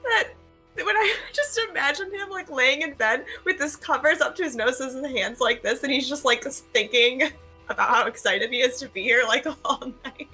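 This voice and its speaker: A woman player in a tabletop game, chatting casually with a giggly, animated manner. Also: high-pitched, moderate pace, slightly rough, faint music behind. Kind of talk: casual chat.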